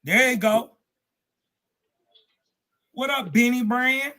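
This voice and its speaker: Combative male stream host, high bright voice, slangy, interrupts a lot, dry close sound. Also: slow pace, dry recording. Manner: slangy, combative, talks over others. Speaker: livestream host. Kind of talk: heated live debate.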